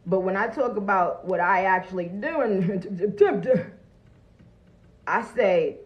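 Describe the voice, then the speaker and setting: A woman's voice: medium pitch, measured pace, muffled recording. A woman chatting bluntly and profanely on a phone livestream, greeting viewers as she talks. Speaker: livestream host. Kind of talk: casual livestream chat. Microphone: phone camera.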